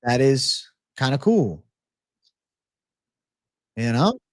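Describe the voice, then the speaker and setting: A man's voice: medium pitch, big pitch swings, drawn-out words, dry recording, studio quality. A man hosting a live betting-picks stream, rambling and swearing freely, prone to angry rants. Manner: profane, rambling, flares into ranting. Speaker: livestream host.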